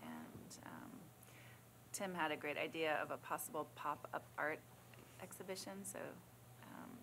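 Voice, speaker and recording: Low-voiced woman giving a committee report. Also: big pitch swings, measured pace, background noise. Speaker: city commissioner. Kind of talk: committee report at a public meeting.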